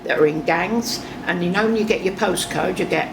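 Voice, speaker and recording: An older Englishwoman from Hertfordshire with a Cockney-sounding accent, chatting as a guest and telling lively stories. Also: lowish voice, fairly quick, gravelly, noisy background. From England, Hertfordshire. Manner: lively storyteller, talks over others, chatty. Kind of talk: casual chat.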